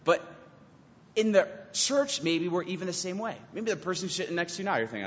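A young man, a youth pastor, giving an animated sermon and acting out quotes from teens and God. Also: sits high, fast, a little hiss or hum. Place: church hall. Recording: dull lo-fi recording with hall reverb.

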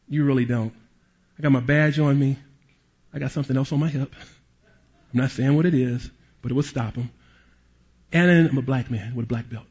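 A man preaching a sermon as a pastor and police chaplain, an animated storyteller who drops to hushed tones at emotional moments. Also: on the high side, husky, highs cut off.

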